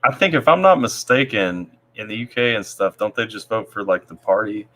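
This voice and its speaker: Stream host, male, from Tennessee, bright, low-ish voice, laid-back. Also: animated, brisk. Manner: reads viewer comments aloud, laid-back. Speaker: livestream host. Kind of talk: casual live stream chat.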